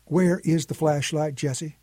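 A patient old grandfather with a folksy, coaxing drawl, as a storyteller puts him on. His husky voice sits a little high and moves at an unhurried pace. The sound is close and dry. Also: steady tone, warm tone, no echo. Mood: reasoning. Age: older.

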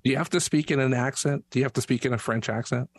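A man's voice: mid-range voice, quick pace. A man interviewing a young guest on the radio, asking friendly, curious questions.

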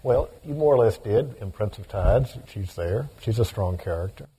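A male interviewer poses conversational questions on stage. His voice is fairly low and mellow. It has a slightly husky edge. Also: lively intonation, moderate pace.

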